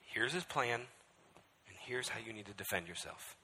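A man's voice: on the low side, lively intonation, a little slow, bright, forceful tone, slight background noise. A male pastor preaching a sermon with emphasis, often checking in with the crowd by asking "right?". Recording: echoey hall.

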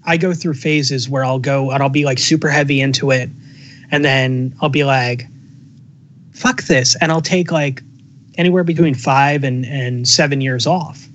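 A man chatting casually on a podcast, wry and quick to swear while telling stories. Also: medium pitch, steady tone, a bit bright, lo-fi sound. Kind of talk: casual chat.

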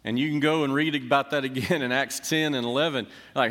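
A pastor with a medium-pitched, a bit bright voice and fairly even intonation preaches a sermon a little fast. He is earnest and builds emphasis with rhetorical questions, his words carrying long reverb through the church sanctuary.

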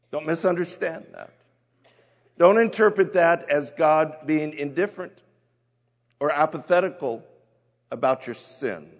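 A man preaching a sermon, telling a story and acting out the voices in it. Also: fairly high pitch. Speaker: pastor. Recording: hall reverb.

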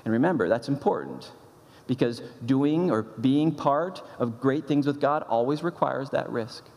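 A man's voice: medium pitch, animated, measured pace, vocal fry, a little mellow. Emphatic male pastor in a reverberant hall. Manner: emphatic, repeats key phrases. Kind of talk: sermon.

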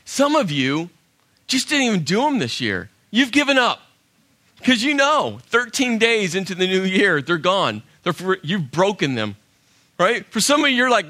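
A man preaching a sermon as pastor, telling a personal story in an animated way and acting out his own inner dialogue. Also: high-pitched, normal speed.

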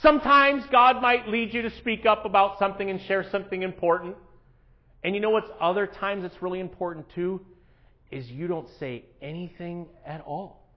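Man, pastor, sermon, high voice, animated, hushed then loud, dull lo-fi sound. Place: church.

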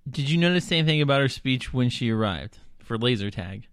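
A man's voice: medium pitch, lively intonation, fairly quick, fairly bright tone, clear, resonant tone, dry recording. Dry teasing man from Iowa. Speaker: podcast co-host. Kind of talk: casual chat.

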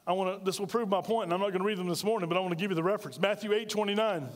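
A man's voice: high voice, fast, long reverb tail. A male pastor preaching a sermon, firing off emphatic rhetorical questions.

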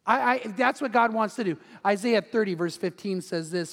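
A man's voice: sits high, normal speed, few pauses, fairly bright tone. A middle-aged male pastor preaching a sermon in a conversational way, acting out quotes and family stories. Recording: long hall reverb.

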